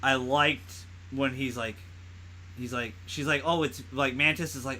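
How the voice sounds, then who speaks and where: Guy rambling about a movie on a podcast, laughs a lot, curses, pretty bright voice, slight hiss behind. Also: mid-range voice, steady tone, measured pace. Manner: rambling, laughs often, swears. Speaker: podcast co-host. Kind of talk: casual movie chat.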